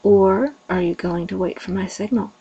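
A woman's voice: medium pitch, moderate pace, dark tone, slightly rough, lo-fi sound. Woman doing a commanding, teasing man.

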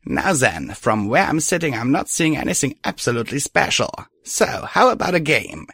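A man's voice: medium pitch, sing-song, normal speed, a bit bright, slightly rough, dry recording, clean studio sound, voice pushed up, exaggerated voice. A man reading a story and voicing a coy, smug female alicorn pony villain who mocks lazily. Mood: menacing. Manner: teasing, lazily mocking. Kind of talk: audiobook reading of fan fiction.

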